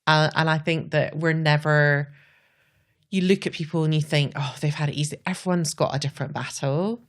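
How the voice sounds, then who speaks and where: A woman's voice: deep voice, fairly even intonation, normal speed. A Scottish woman, a podcast guest, talking earnestly and reflectively, often saying "like". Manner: earnest, says "like" a lot.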